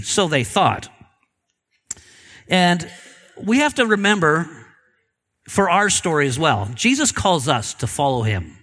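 A man's voice: fairly high pitch, fairly bright tone. A man preaching a sermon in a casual, chatty way, asking his audience questions. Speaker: pastor.

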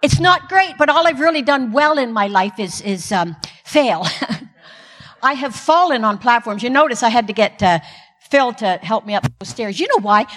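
Older woman, Christian speaker, higher voice, self-mocking humor, long hall echo. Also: lively intonation, moderate pace, a bit bright. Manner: self-deprecating, comic timing. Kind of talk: humorous inspirational talk. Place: stage in a large hall.

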